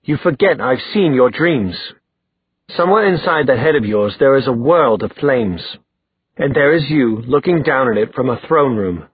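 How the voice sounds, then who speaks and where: A man voicing a proud, sarcastic young male fighter with a sharp, cutting delivery. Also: medium pitch, slightly rough, no room sound. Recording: dry tinny phone-like sound.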